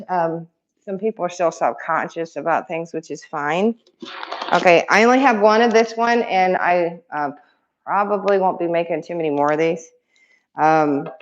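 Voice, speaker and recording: Excitable rambling woman, lo-fi home recording. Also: medium pitch. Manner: excitable, rambling, repeats words for emphasis. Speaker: crafter showing handmade resin keychains. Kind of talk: casual show-and-tell vlog.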